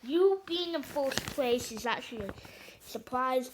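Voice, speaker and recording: A woman's voice: high-pitched, expressive, a little slow, background noise. A woman chatting casually over an election map, rambling and hesitant with lots of fillers and joking asides. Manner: joking, self-deprecating asides. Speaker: video creator.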